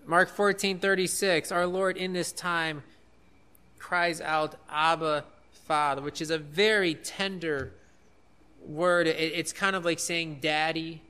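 Male preacher with a high, smooth and very sharp voice, earnest and repetitive in his emphasis. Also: fairly even intonation, slow. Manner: earnest, repeats key phrases for emphasis. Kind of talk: sermon.

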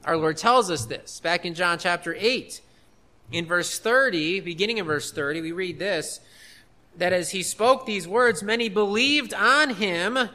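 A man's voice: high-pitched, a little slow, bright, forceful tone. A man preaching an expository sermon to his congregation, earnest and emphatic, repeating key phrases. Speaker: pastor.

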